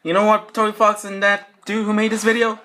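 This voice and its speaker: A fan-video creator giving excitable, jumpy commentary with casual swearing. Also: mid-range voice, brisk. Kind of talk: excitable skit narration with commentary.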